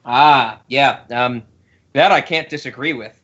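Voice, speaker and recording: A man's voice: mid-range voice, measured pace, fairly bright tone, highs cut off. A man co-hosting a casual podcast, rambling and laughing often as he talks. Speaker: podcast co-host.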